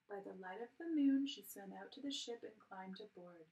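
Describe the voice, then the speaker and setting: Woman teacher reading a kids story, lively, echoey room. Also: mid-range voice, normal speed, few pauses. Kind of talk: children's story read-aloud. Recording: roomy, from a distance.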